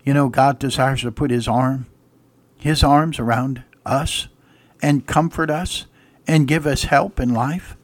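Pastor guy preaching on radio, gets loud and excited, kinda high voice. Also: a little slow, dry recording. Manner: animated, rising to emphatic exclamations; reads old-style scripture aloud. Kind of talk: radio sermon.

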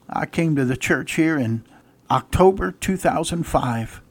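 A man's voice: on the high side, animated, a little slow, no echo. A male pastor preaching a radio sermon, reading old-style scripture and rising to emphatic exclamations.

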